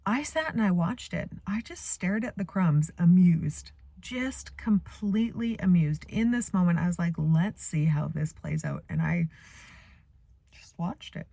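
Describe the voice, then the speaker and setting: A middle-aged woman, a spiritual coach, telling stories to a phone camera from her parked car in a lively, playful way. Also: mid-range voice, unhurried, no echo. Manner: animated storytelling with playful asides. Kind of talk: casual motivational talk to camera.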